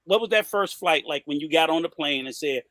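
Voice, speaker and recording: A man's voice: a little high, lively intonation, brisk, a crowd in the background. A man hosting a casual interview, cutting in with probing follow-up questions. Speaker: podcast host.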